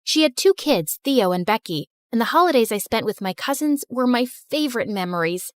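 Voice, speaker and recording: A woman giving scripted first-person story narration in an expressive, emotional way. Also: fairly high pitch, normal speed, hardly any pauses, no echo, studio quality.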